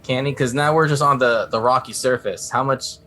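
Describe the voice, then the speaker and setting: A man's voice: mid-range voice, fairly even intonation, brisk, bright, forceful tone, faint music behind. A man playing a tabletop game, asking tentative questions about his turn. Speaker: player. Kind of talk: casual tabletop game chat.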